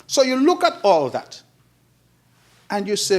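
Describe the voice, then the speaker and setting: A man with a Kittitian-Nevisian accent speaking in parliament, with a rather high voice. His oratory is emphatic and repetitive, and it swells and drops as he hammers his points. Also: huge pitch swings, a little slow, long pauses. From Saint Kitts and Nevis. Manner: emphatic, repetitive oratory with rising and falling delivery. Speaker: politician addressing parliament. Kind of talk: parliamentary speech. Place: parliament chamber.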